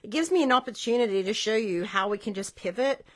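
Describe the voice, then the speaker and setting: A woman's voice: medium pitch, expressive, fast talker. A woman, middle-aged, giving a casual card-making tutorial, chatty and encouraging as she thinks aloud while she works.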